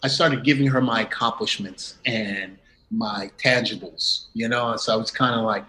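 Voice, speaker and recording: A man's voice: on the low side, steady tone, moderate pace, sharp tone, poor audio. A middle-aged man, a guest in a conversation, telling a personal story and acting out the quoted dialogue with bursts of laughter. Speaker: interview guest.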